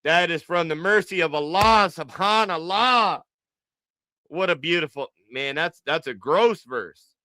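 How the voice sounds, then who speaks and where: A man hosting a livestream, mocking and joking through his reaction commentary. His voice is high, bright and smooth, and he drawls his jokes out slowly. The sound is close and dry. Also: animated, no echo. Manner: teasing, joking, drawn-out repetition. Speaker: livestream host.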